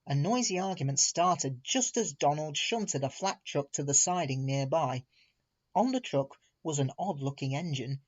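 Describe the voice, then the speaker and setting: Man reading a storybook aloud. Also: a little high. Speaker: narrator. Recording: muffled recording with soft music.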